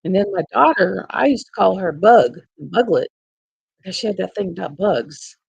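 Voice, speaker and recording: A woman's voice: on the low side, expressive, normal speed, vocal fry, husky, no echo, dull audio. An older woman, hosting a casual craft live stream from home on a laptop, chatting in a rambling way and laughing often. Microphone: laptop mic.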